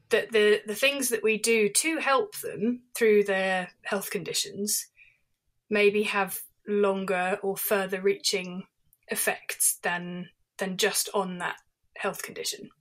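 A woman's voice: mid-range voice, fairly even intonation, slow, fairly bright tone. A woman veterinary surgeon as an interview guest, explaining carefully and thoughtfully, with hesitations. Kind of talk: interview conversation.

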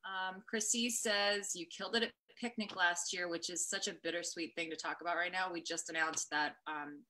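A woman's voice: on the low side, moderate pace, poor audio. A woman hosting an interview over a video call, steadily reading out viewer messages. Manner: steady, relays viewer comments. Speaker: radio host.

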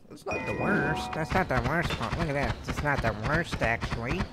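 A man's voice: a little high, expressive, moderate pace, loud music behind the voice. A man livestreaming a game, chatting casually with a friend in joking, sweary banter. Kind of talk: casual gaming chat.

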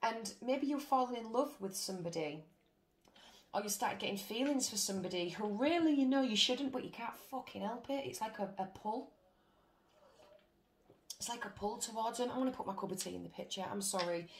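A woman's voice: fairly high pitch, expressive, a little fast. A British woman doing a casual tarot reading, blunt, chatty and full of swearing. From Britain. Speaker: tarot reader. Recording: roomy with faint noise.

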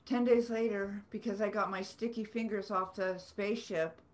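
A woman's voice: mid-range voice, steady tone, normal speed. A woman, an author telling rambling, earnest stories with self-deprecating humor on a video call. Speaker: author guest. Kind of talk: storytelling in a video-call book club.

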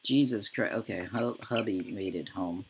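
A woman's voice: extremely low pitch, moderate pace, a crowd in the background. A woman hosting a let's-play, giving profane, exasperated gameplay commentary and ranting at the game. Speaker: gaming channel host.

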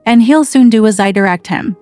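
A woman's voice: a little high, brisk, a little mellow, clear, resonant tone, no room sound, soft background music, close to an everyday voice. A woman reading the part of an eager, coaxing girl of almost seventeen in a storybook reading. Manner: pleading and coaxing.

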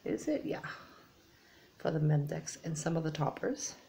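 Woman, low-energy crafting vlogger, lowish gravelly voice, soft-spoken. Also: very animated, normal speed, a little hiss or hum. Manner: soft, low-energy, often drops to a whisper. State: tired. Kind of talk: casual unboxing chat.

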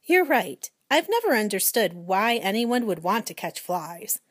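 A kind, patient schoolteacher from a children's storybook, as a woman reading aloud puts her on. She speaks gently and reasonably, at an ordinary pitch, in a dry, close sound. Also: big pitch swings, a little slow, no room sound. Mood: calm.

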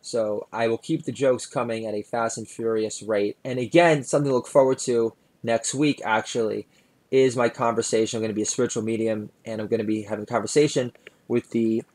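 Rambling comedian full of uh's. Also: male voice, steady tone, fairly quick. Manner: shifts into loud high-pitched ranting bits, then mumbly asides full of uh. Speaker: podcast host and stand-up comedian.

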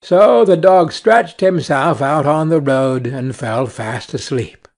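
A man narrating a fairy tale slowly and clearly for English learners. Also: on the high side, a little mellow.

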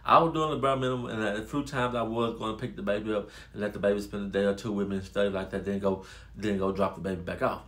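A man casually telling a personal story to his viewers, animated and addressing them as y'all. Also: on the low side, quick pace. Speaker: storytelling vlogger.

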